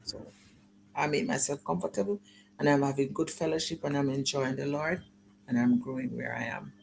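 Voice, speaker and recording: A woman's voice: a bass voice, fairly even intonation, normal speed, creaky, a little mellow, a little hiss or hum. A middle-aged woman giving an earnest, emotional personal testimony in an interview. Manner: earnest, emotional storytelling, acting out remembered dialogue. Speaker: guest sharing her life story.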